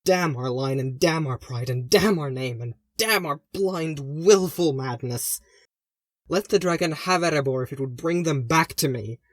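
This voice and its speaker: A man voicing a grieving dwarf woman whose voice is harsh and rasping from crying, in an audiobook reading. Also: medium pitch, a little slow, few pauses, a little mellow, dry recording, studio quality, natural voice. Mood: anguished fury.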